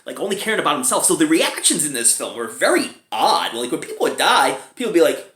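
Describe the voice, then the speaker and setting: A man's voice: on the high side, big pitch swings, fast talker, fairly bright tone. A man casually reviewing a movie, chatty and chuckling often as he talks. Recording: roomy echo.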